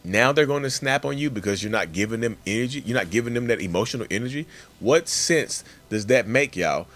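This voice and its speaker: A man's voice: medium pitch, animated, brisk, fairly bright tone. A man hosting a casual, emphatic monologue for his channel and addressing viewers directly as y'all. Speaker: channel host.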